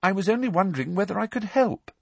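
Brief: man voicing a cool, brisk teen girl, high and lively, husky grain. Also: dry recording, exaggerated voice. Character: Ginny, cool quick-witted teenage girl.

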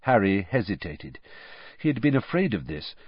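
A man reading a storybook aloud as narrator, expressive and varied, in a muffled lo-fi recording. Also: fairly low pitch, normal speed, husky, no room sound. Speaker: audiobook narrator.

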